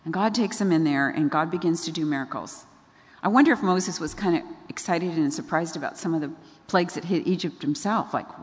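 A woman with a fairly low voice preaches a sermon at a moderate pace, keeping it conversational and often putting questions to her listeners. The recording carries the long reverb of a large hall.

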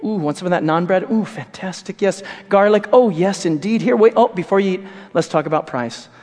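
A man putting on a high coaxing young schemer, salesman patter, long hall echo. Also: a little fast, a little mellow, natural voice. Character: scheming young male trickster, smooth salesman. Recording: echoey hall with long reverb.

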